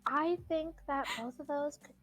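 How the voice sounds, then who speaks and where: A woman's voice: high-pitched, moderate pace. A woman chatting casually and playfully, giggling and restarting her sentences. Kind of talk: casual chat.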